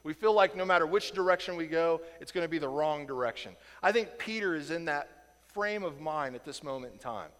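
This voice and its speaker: A man from Indiana leads a Bible lesson in a relaxed, lively way, acting out the people in the story and chuckling now and then. His voice sits a bit high for a man. The sound carries a long reverb, as in a church hall. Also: fairly quick. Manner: animated, acts out quoted voices, chuckles. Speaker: Bible teacher. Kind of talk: casual Bible teaching.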